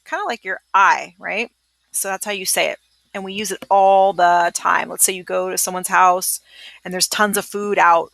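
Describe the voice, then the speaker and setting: Bright, gravelly-voiced woman teaching Spanish vocabulary. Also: on the low side. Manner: patient, repeats words slowly for students to echo. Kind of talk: recorded vocabulary lesson.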